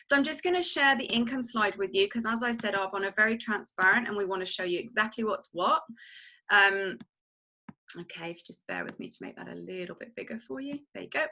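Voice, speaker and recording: A woman giving an enthusiastic, emphatic sales pitch over a video call. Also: big pitch swings, a little fast, sharp tone. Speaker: network marketing team leader.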